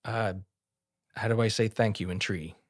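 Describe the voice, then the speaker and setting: A man playing in a tabletop game, speaking earnestly and haltingly, with easy laughter. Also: lowish voice, steady tone, no room sound, clean studio sound. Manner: earnest, hesitant, laughs easily. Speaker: player.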